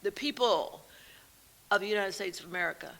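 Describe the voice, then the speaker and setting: Bright-voiced woman co-hosting. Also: medium pitch, brisk, gravelly, slight background noise. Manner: storytelling, animated, laughs often. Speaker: co-host. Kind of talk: casual talk show chat.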